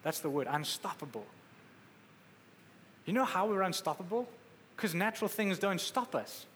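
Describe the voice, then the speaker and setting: A high-pitched, very animated man preaches at a moderate pace, his tone fairly bright. He keeps the sermon conversational and emphatic, acting out quotes, in an echoey hall with faint ambience and slight background noise.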